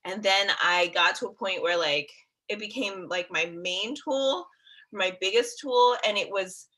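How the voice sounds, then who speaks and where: Chatty bright-voiced woman hosting. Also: medium pitch, unhurried, rough recording. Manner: chatty, laughs often, upbeat. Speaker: host. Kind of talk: casual live interview chat.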